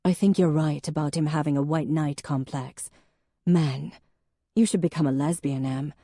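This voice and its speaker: A woman's voice: low voice, fairly even intonation, moderate pace, warm tone, no room sound, clean studio sound. A woman narrator voicing an elegant, witty older sister who speaks grandly. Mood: teasing. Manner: grand, teasing.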